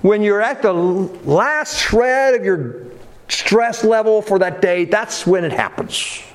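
A man preaching a sermon in a chatty, animated way. His voice sits fairly high and swings widely in pitch. He talks straight to his congregation with frequent asides. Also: takes it slowly.

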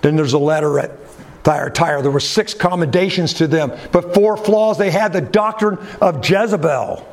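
A man preaching a sermon, emphatic and deliberate, asking rhetorical questions and letting his phrases fall at the end. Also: creaky. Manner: drops pitch sharply at the ends of phrases.

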